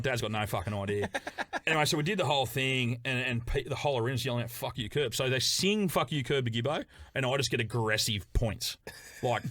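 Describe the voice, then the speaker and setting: A man tells wild stories on a podcast in a bright, forward voice. He is animated, laughing often and swearing freely. The sound is dry and close, with a middle-range pitch. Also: fast, dry recording. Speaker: podcast guest. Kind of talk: casual podcast storytelling.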